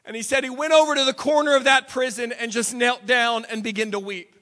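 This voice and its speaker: A man's voice: very high-pitched, fairly even intonation, fairly quick, sharp tone, big-room sound. A man preaching a sermon, telling a story dramatically. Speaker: pastor. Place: church sanctuary.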